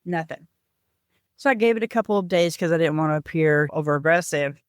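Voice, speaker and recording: A woman guest on a podcast, earnestly retelling a personal family story and voicing the people in it with lively shifts. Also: deep voice, a little fast, no room sound, studio quality. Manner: earnest, animated retelling with lively voiced quotes.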